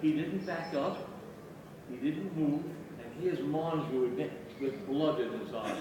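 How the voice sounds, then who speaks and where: An older man, a guest actor at a fan convention, telling an anecdote in an animated way and often repeating his words. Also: fairly high pitch, a little slow, a little hiss or hum. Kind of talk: storytelling Q&A anecdote. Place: convention hall. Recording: echoey hall from far off.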